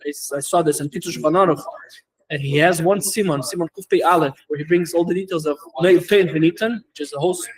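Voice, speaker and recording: Fast-talking rabbi teaching a class. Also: male voice, a little high, poor audio. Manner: fast-talking with many fillers and restarts; mixes English with Hebrew and Yiddish terms. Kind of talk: lecture.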